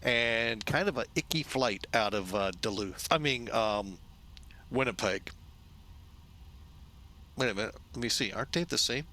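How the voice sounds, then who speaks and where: A man from St. Louis talks through a flight-sim session at an unhurried, drawn-out pace. His voice is bright and forward. He rambles, corrects himself and drops joking asides as he goes. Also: medium pitch, a little hiss or hum. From St. Louis, USA. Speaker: flight sim video host. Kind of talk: casual narrated flight-sim walkthrough.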